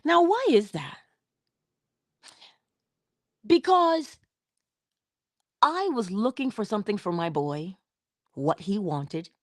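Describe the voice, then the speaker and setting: A middle-aged woman from Barbados, telling an inspirational story in an expressive way with drawn-out emphasis. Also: mid-range voice, no room sound, clean studio sound. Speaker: inspirational vlogger. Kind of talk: storytelling motivational talk.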